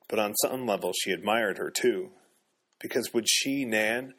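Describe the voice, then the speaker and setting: A man narrating a novel in measured, even storytelling. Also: fairly low pitch. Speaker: audiobook narrator. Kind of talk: scripted narration.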